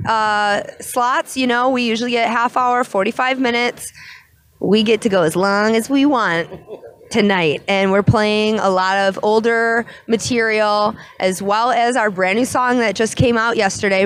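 A woman from a rock band answering interview questions, enthusiastic and talking in quick bursts. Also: a little high, fairly bright tone, a little hiss or hum. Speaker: band singer. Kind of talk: casual interview.

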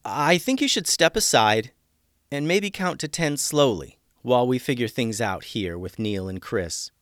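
A man voicing a calm, commanding ninja leader in a storybook reading. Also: mid-range voice, no echo, clean studio sound. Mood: firm. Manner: measured, commanding. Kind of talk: storybook character voice.

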